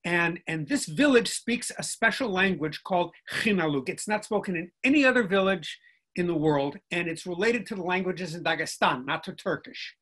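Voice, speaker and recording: An older man, guest-lecturing on linguistics in a virtual conversation, speaks at a moderate pace in a high, expressive voice that sounds pushed and bright. He works through his points methodically and keeps checking in with his audience.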